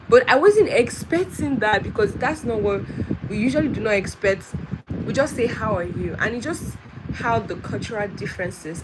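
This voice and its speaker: A young woman from West Africa telling travel stories in casual live-stream chat. She talks in an animated way, restarts her sentences often and laughs as she goes. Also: medium pitch. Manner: chatty, with many restarts and laughs, animated storytelling. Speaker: vlogger. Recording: noisy background with vehicle sounds.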